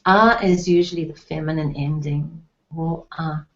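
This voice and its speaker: Slow, patient woman teaching in an echoey room. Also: fairly low pitch, a little mellow. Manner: patient, repeats words slowly with many ums. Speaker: Hebrew teacher. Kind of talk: online language lesson. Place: indoor room, recorded at night. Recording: echoey room, dull lo-fi sound.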